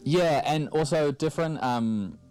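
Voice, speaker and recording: A man's voice: on the high side, unhurried, darkish tone, soft background music. A man chatting on radio about a TV show, with many ums and uhs. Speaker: TV reviewer guest. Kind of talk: casual radio chat.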